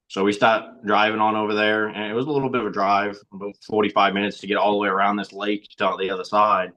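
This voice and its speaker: A man's voice: on the low side, level tone, quick pace, few pauses, sharp tone, highs cut off. A young man, a podcast guest, telling a story in a plain, matter-of-fact way. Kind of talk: casual storytelling.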